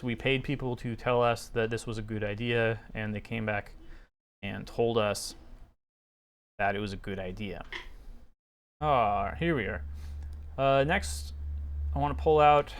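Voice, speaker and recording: A man's voice: mid-range voice, a little slow, clear, resonant tone. A man casually reading aloud from a research paper and commenting on it with sarcastic, skeptical remarks and many fillers.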